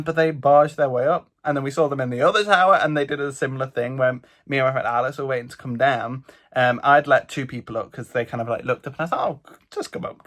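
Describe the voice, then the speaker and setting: Chatty British guy recapping travels. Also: mid-range voice. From England. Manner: chatty, animated storytelling with lots of "like". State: stuffy nose. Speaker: vlogger. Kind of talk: casual travel vlog recap.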